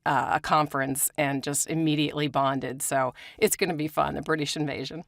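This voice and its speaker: A woman's voice: sits low, fairly even intonation, a little fast, creaky, no room sound, clean studio sound. A woman co-hosting a podcast, chatting casually in a bubbly way. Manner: bubbly, laughs easily. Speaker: podcast co-host.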